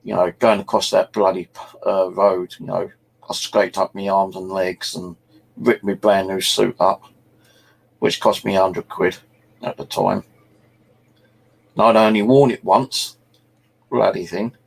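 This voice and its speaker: A man's voice: low voice, fairly even intonation, unhurried, creaky, pauses often, slightly rough. A middle-aged man from England, telling rambling, sweary anecdotes as host of a casual chat. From South East England. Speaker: channel host.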